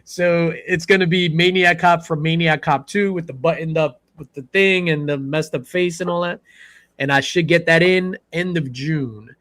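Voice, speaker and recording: A man hosts a casual panel chat, his voice sitting a touch high. He tells stories with energy and acts out other people's lines. The sound is close and dry, with no room around it. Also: dry recording. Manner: animated storyteller, acts out quotes. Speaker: podcast host.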